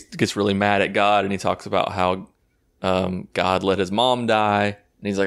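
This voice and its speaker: A man's voice: low voice, flat delivery, normal speed, gravelly, fairly bright tone, clear, resonant tone. A man giving a casual, rambling and sarcastic recap of a movie, swearing freely as he goes. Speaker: YouTube movie reviewer.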